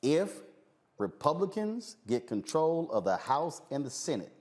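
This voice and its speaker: A man's voice: fairly high pitch, very animated, a little slow, a little mellow. A man hosting a talk show, giving fiery political commentary and hammering points home by repeating phrases. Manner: emphatic, repeats phrases for force.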